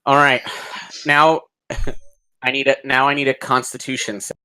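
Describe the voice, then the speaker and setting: Easygoing male DM at mid pitch, narrating scenes and calling for saves. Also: unhurried, clean tone. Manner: casual, steady narration with game rulings. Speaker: dungeon master. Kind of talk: running a tabletop game over a call.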